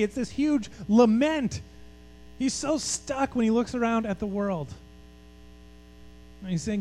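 A man's voice: extremely high pitch, a little slow, a little mellow, poor audio. A male pastor giving a sermon in an emphatic, conversational way, asking the congregation questions.

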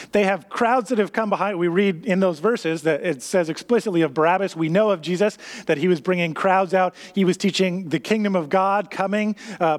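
High-voiced preacher in a reverberant hall. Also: male voice. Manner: animated, acts out scenes in a raised voice. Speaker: pastor. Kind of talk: sermon.

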